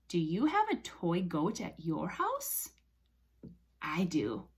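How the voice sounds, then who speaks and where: A woman's voice: fairly low pitch, wildly swooping pitch, takes it slowly, husky. A woman speech language pathologist reading a picture book aloud to young children in a sing-song, exaggerated way, with animal sounds and drops to a whisper.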